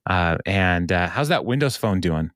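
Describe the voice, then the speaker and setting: A man's voice: low-pitched, animated, a little slow, a bit bright, slight background noise. A man co-hosting a podcast, casually recapping a TV episode with lots of fillers and laughs. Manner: rambling, many fillers, laughs often. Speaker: podcast co-host.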